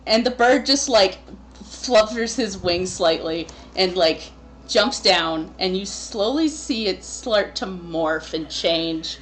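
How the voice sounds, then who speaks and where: A woman's voice: mid-range voice, animated, takes it slowly. A woman narrating as game master in a tabletop game, casual and full of fillers.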